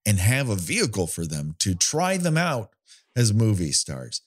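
A man's voice: lowish voice, big pitch swings, unhurried, dry recording, studio quality. A man co-hosting a casual chat about horror movies, rambling and wry, with casual swearing. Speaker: podcast co-host.

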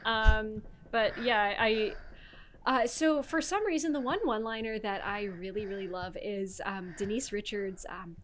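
A woman's voice: mid-range voice, measured pace, slight background noise. A woman hosting a podcast, chatting casually about a film with lots of fillers and the odd swear. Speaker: podcast host. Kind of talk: casual chat.

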